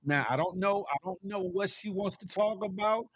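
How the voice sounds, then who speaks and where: A man's voice: sits high, normal speed, fairly bright tone, dry recording, clean studio sound. A man hosting a casual livestream, reading the chat aloud and teasing viewers with a playful, laughing manner.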